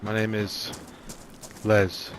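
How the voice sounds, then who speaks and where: A man playing a character in a roleplay game, talking in a gruff, blunt, swearing manner. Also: on the low side, level tone, extremely slow, a little hiss or hum. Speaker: roleplay player.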